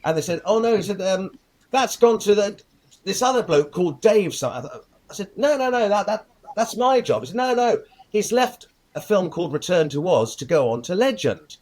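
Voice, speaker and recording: A man's voice: high voice, moderate pace. An older man, a film editor, telling stories in an interview, laughing often and acting out the people he quotes. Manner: lively storyteller, acts out quoted voices, laughs often. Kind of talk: anecdotal interview storytelling.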